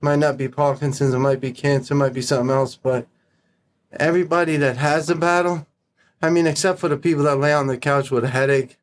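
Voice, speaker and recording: A middle-aged man, a podcast guest, telling stories in a blunt, profane, animated way. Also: on the high side, fairly quick, slight background noise. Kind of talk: casual storytelling.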